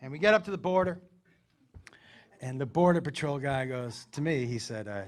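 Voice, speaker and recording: A man's voice: medium pitch, fairly quick, long pauses. A middle-aged man doing stand-up, telling a story and acting out the people in it, on a comedy club stage. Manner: animated, acts out characters in the story.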